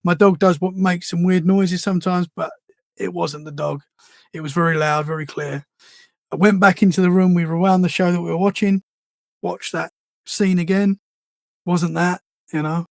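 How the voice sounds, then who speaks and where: A man's voice: sits high, fairly even intonation, moderate pace, creaky, dry recording, clean studio sound. A man in his thirties, a podcast guest, telling his experiences in an earnest, rambling way with many restarts. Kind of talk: casual storytelling interview.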